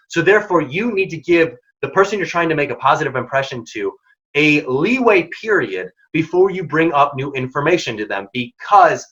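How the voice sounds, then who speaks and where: Man, bright tense voice, fairly high, direct workshop host, dull lo-fi audio. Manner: direct, emphatic, casual wording. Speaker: workshop host and mentoring program founder. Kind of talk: instructive talk with career tips.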